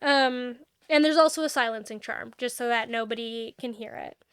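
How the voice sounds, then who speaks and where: A young adult woman co-hosting a book podcast, retelling a novel's plot in casual chat and acting out the characters' lines in quick quotes. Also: on the high side, smooth, dry recording, clean studio sound. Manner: animated storyteller, acts out dialogue with quick quotes.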